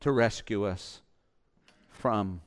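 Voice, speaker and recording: A man preaching a sermon as pastor, impassioned, moving between loud urging and soft, hushed lines. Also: lowish voice, drawn-out words, smooth.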